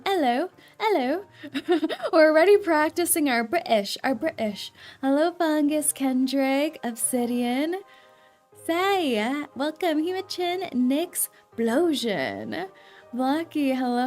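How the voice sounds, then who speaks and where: A playful woman streaming live and chatting casually with her viewers, her voice sitting high. She laughs easily and keeps up a lively, teasing banter, with faint music playing underneath.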